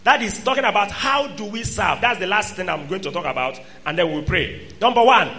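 Emphatic high-voiced man preaching. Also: fairly quick. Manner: emphatic, swings between loud exhortation and quiet asides. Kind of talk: sermon.

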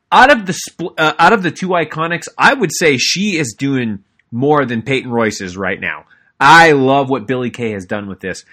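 A man's voice: mid-range voice, pushed and bright. A young adult man co-hosting a podcast, giving an enthusiastic, rambling wrestling recap with lots of fillers and restarts. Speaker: podcast co-host. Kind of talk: casual wrestling recap monologue.

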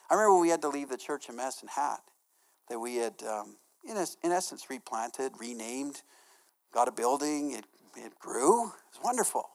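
A man's voice: mid-range voice, sing-song, normal speed, gravelly, a little mellow. A male pastor preaching in a casual, conversational way, full of fillers and repeated words, often putting questions to his congregation. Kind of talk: conversational sermon.

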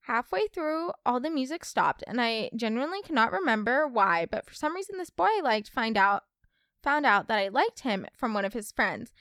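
A young woman hosts a casual storytime podcast, chatty and expressive as she reads listener stories aloud. Her slightly high voice swoops up and down a lot. The sound is dry and close. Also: normal speed, no echo. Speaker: podcast host.

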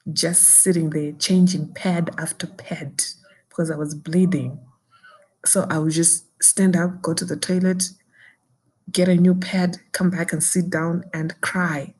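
A woman's voice: lowish voice, level tone, a little slow, a little mellow, slightly rough. A young woman with a Zimbabwean accent, telling a personal ordeal in an intense, indignant way and switching between English and Shona. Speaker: podcaster recounting a personal ordeal. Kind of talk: emotional personal storytelling.

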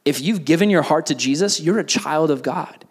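A man's voice: a little high, moderate pace, husky. A young man preaching a youth sermon in a casual style, full of fillers like "like", and then leading a closing prayer. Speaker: youth pastor.

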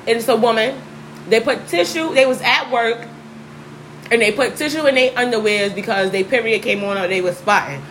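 A woman in a casual talk, telling stories in an animated, blunt way and swearing freely. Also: on the high side, moderate pace, low-quality recording. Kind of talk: casual chat, storytelling. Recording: faint background noise.

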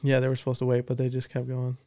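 A young man co-hosting a podcast, blunt and brief in casual chat, often clearing his throat. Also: medium pitch, completely flat delivery, fast, warm tone, dry recording. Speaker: podcast co-host.

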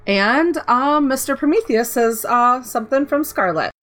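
A woman's voice: high-pitched, normal speed, a bit bright. A woman hosting a casual gaming podcast, upbeat and giggly as she reads out welcomes. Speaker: podcast host.

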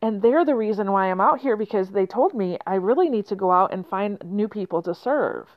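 A woman's voice: medium pitch, expressive, brisk, no room sound, close to an everyday voice. An earnest young traveler speaks with his hand on his heart about the kind people back home, as a woman tells the tale. The recording is dry and a touch dull. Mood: heartfelt. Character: warm, grateful young male traveler. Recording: slightly muffled lo-fi.

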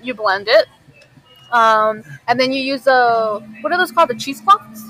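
A woman's voice: a little high, lively intonation, moderate pace, background noise. A woman co-hosting a casual podcast chat, explaining things step by step and sometimes searching for words. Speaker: podcast co-host.

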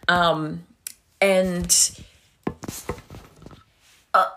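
A woman's voice: lowish voice, little pitch movement, very slow, fairly bright tone, a little hiss or hum. A young woman co-hosting a podcast, talking in a loose, chatty way. She laughs easily and drops the odd swear word. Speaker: podcast co-host. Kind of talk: casual chat.

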